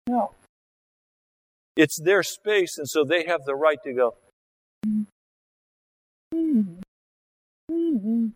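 A man's voice: fairly high pitch, lively intonation, unhurried, pauses often, a bit bright, poor audio. A male pastor preaching a conversational sermon, acting out scenes as he talks. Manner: conversational, acts out scenes with his body and voice.

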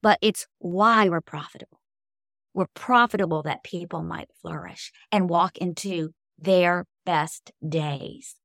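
A woman's voice: on the low side, measured pace, creaky, fairly bright tone, dry recording, clean studio sound. A middle-aged woman, a guest author, telling heartfelt faith-based stories in an interview with an earnest, emotional manner.

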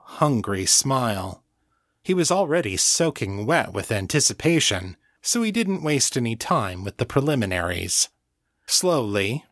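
Male audiobook narrator, slow and measured, dry close sound, mid pitch. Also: a bit bright, dry recording. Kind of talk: scripted narration.

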